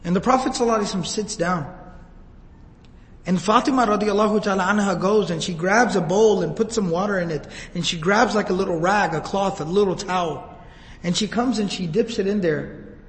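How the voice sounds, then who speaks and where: A preacher delivers an emotive sermon, retelling scenes and acting out quoted lines in different voices. His voice sits high and moves fairly quickly, and the rough recording has a long reverb tail.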